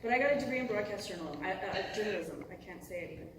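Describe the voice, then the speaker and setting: A middle-aged voice actress talking casually on a convention panel, rambling and breaking off mid-thought, swearing and laughing often. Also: female voice, mid-range voice, animated, rapid-fire. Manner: rambling and self-interrupting, cusses, laughs often. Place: large convention hall. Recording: echoey hall from far off, noisy.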